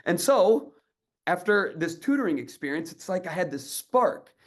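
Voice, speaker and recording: A man's voice: on the high side, lively intonation, normal speed, fairly bright tone. A man in his thirties, an educator giving a storytelling talk, acting out the voices of people in his story with energy. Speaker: educator and speaker.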